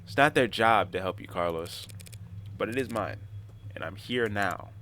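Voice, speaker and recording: A man reading aloud as a calm, methodical defense attorney, speaking in a measured, reassuring way. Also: lowish voice, slight background noise, close to an everyday voice.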